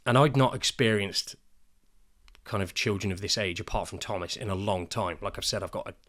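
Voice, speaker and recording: A man co-hosting a podcast, telling parenting stories in a lively way and acting out the voices of the people he quotes. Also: on the low side, fairly quick. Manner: animated storyteller, acts out quoted voices. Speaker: podcast co-host. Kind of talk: casual podcast chat.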